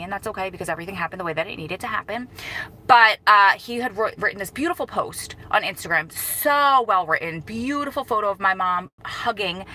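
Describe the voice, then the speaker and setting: A vlogger in her thirties gives her viewers a casual live-stream update, grieving and emotional as she rambles, corrects herself, and breaks off to greet people. Her mid-range voice sounds pushed and bright, and the recording is rough.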